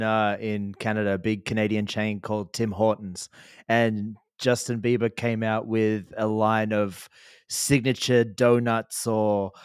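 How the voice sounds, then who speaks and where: Man, podcast co-host, chatty storyteller, smooth clear tone, dry room. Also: on the low side, no room sound. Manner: laughing, rambling storyteller. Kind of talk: casual podcast banter.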